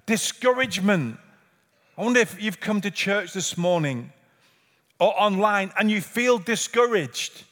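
Male pastor with a high voice, earnest repetitive preaching, long church-hall reverb. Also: lively intonation, a little slow, a bit bright. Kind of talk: sermon. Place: church sanctuary.

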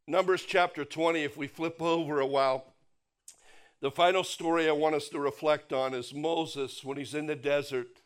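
A man preaching a sermon, emphatic, repeating key phrases and dropping his voice low on the punch lines. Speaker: pastor.

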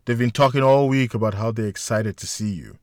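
A man's voice: mid-range voice, a little fast, no room sound, studio quality, lightly acted. A man playing a stern, caring friend. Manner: firm, urgent, patient pleading.

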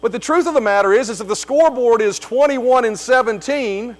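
A man's voice: very high-pitched, brisk. A man preaching a sermon as pastor, emphatic, repeating key phrases, with frequent fillers.

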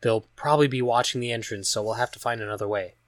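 A man voicing a caring, determined woman in a storybook reading who asks gentle questions and sometimes speaks in a hush. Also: medium pitch, fast talker, dry recording, studio quality, lightly acted. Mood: urging. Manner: gentle questioning, hushed at times.

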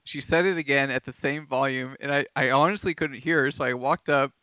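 Bright, clear-voiced man hosting a podcast. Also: mid-range voice, fairly even intonation, a little fast, no echo. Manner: laughing storyteller, filler-heavy. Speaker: podcast host. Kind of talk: casual chat. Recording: dull lo-fi dry sound.

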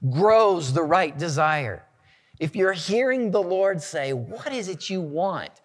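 A man preaches in a slow, deliberate sermon, his fairly high voice swinging widely in pitch as he stresses key words. The sound carries a long reverb, like a large church hall. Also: fairly bright tone. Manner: earnest, measured preaching with emphatic rises. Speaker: pastor.

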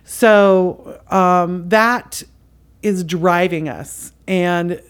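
Impassioned low-voiced woman podcaster. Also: extremely slow, clean tone. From outside the US. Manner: impassioned, emphatic, casual with fillers. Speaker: podcast host. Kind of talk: spiritual commentary monologue.

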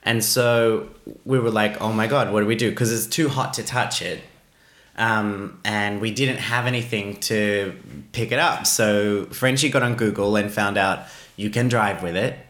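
A man casually telling a travel mishap story on a podcast, animated and poking fun at himself. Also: on the low side, unhurried. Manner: animated, self-mocking, laughs at his own story. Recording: roomy echo.

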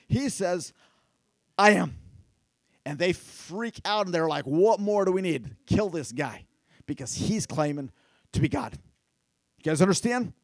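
A man preaching a sermon, animated and talking straight to his listeners, at times rising to near-shouts. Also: sits high, dry recording. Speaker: pastor.

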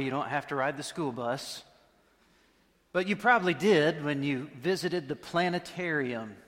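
A man preaching a sermon, telling a story in a conversational way with dramatic pauses. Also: a little high, fairly bright tone. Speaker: pastor. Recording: long reverb of a large hall.

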